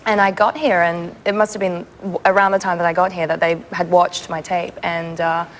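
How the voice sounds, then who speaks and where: Young Australian actress, giggly. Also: female voice, lowish voice, level tone, moderate pace, a little hiss or hum, poor audio. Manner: giggly, easygoing. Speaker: actress guest. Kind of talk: casual TV interview.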